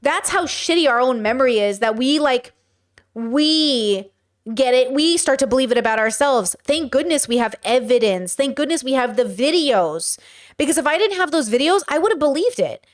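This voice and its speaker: A woman's voice: sits high, expressive, normal speed. A woman hosting a podcast, giving blunt, chatty commentary and reading out viewer chat, swearing freely. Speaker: podcast host reacting to a clip.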